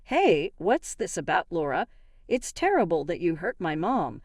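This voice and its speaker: A woman's voice: on the low side, big pitch swings, measured pace, dry recording, clean studio sound. A woman voicing an angry husband who always sides with his mother, speaking in an accusing, bossy way.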